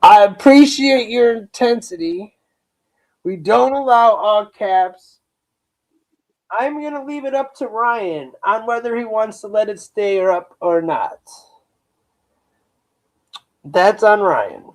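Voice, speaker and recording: Slow-talking, high-voiced male streamer. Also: lively intonation, low-quality recording. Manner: rambling, slangy storytelling. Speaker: livestream host. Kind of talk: casual livestream chat.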